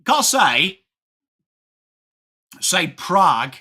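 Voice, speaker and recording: A man's voice: high-pitched, sing-song, very slow, pushed and bright, husky. An English man hosting a casual live sports watchalong, chatting with viewers and greeting them by name. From England. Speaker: livestream host.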